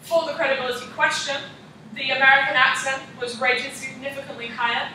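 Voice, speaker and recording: A woman's voice: high voice, little pitch movement, fairly quick, sharp tone, a little hiss or hum. A young woman, a student, practicing a class presentation and reading from prepared slides with frequent ums. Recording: echoey room, mic far off.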